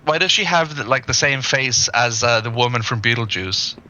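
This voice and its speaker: A man's voice: medium pitch, expressive, moderate pace, bright, forceful tone. A young man on a game stream, making wry, teasing remarks. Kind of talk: casual stream chat.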